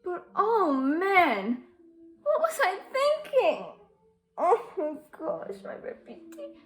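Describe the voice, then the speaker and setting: A teenage girl, a student actor, performs a comic solo stage scene as a reality show host, gushing dramatically and tossing in exasperated asides. Her voice is very high-pitched, swoops wildly in pitch, and moves at a slow pace.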